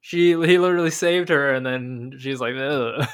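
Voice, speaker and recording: A young man co-hosting a casual discussion of an anime episode, rambling and animated with lots of fillers. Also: fairly high pitch, moderate pace, clean tone. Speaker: podcast co-host.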